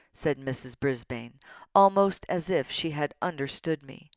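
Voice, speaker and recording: Low-voiced woman reading a kids story, lots of ups and downs, slow, dry close mic. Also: no echo. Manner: animated, playful, childlike wonder. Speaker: audiobook narrator. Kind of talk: expressive storybook narration.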